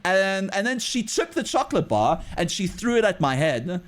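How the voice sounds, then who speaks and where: A man's voice: high-pitched, sing-song, moderate pace. A man streaming live while drawing, chatting casually and telling a story in a rambling way with many restarts. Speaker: livestreamer.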